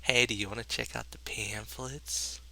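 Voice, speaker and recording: A man voicing a friendly but subtly unsettling schoolgirl club president in a game playthrough, speaking softly and slowly. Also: lowish voice, steady tone, rough recording. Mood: sweet.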